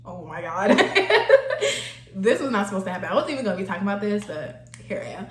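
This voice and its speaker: A young woman talks casually while getting ready, laughing often and turning emotional, near tears. Her voice sits at a medium pitch. The recording has an echoey room sound. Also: animated, racing. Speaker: vlogger. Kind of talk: casual get-ready-with-me chat.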